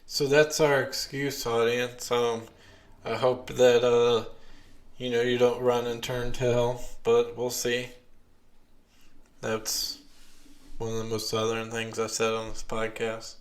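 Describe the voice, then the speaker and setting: Slow-talking male podcast host. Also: medium pitch, completely flat delivery. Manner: unhurried, lots of ums and restarts. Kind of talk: casual chat.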